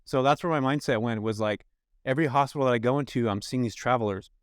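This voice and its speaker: A man's voice: fast talker, clean tone, no room sound, clean studio sound. A middle-aged man from California, a podcast guest telling his story casually and acting out the people he quotes. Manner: animated, acts out quoted people with raised pitch. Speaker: podcast guest, rental business owner.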